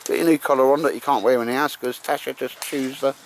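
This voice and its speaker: On a cold day in the woods, a bushcraft vlogger jokes with and teases his mates on camera, keeping up chatty, casual banter. He has a medium-pitched voice, fairly even intonation, and a quick pace, with a little hiss or hum on the recording.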